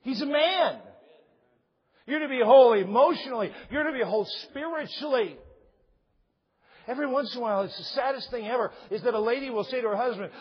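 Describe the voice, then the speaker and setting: A man with a high, husky voice preaches a sermon to his congregation, jumping from soft asides to shouted emphasis. He quotes scripture and acts out little stories. The recording is muffled and lo-fi. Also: brisk, big-room sound. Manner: animated preaching, rising to shouts, quoting scripture and acting out stories. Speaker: pastor.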